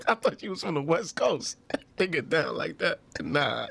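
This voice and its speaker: Man, New York accent, podcast co-host, slangy, laughs often, lively swinging pitch. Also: measured pace, gravelly, slightly rough. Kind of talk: casual podcast banter.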